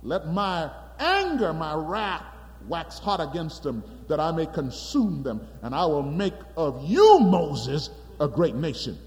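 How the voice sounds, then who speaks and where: A man's voice: on the high side, sing-song, slow, darkish tone, pitched below the performer's own voice. A man voicing God as an exasperated, angry deity, speaking with emphatic force. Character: God, upset and angry with his people. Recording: long hall reverb.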